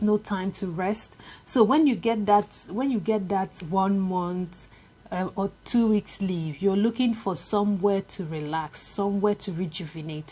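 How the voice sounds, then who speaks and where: A woman's voice: lowish voice, darkish tone, slight background noise. A young woman with a Nigerian accent, chatting casually to camera in a vlog, with many fillers and repetitions. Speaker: vlogger.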